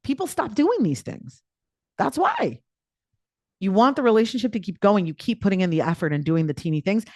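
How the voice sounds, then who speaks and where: A woman's voice: medium pitch, sing-song, fairly quick, a little mellow, no room sound, studio quality. A woman life coach giving a live online coaching talk in a chatty, playful way, with lots of filler words.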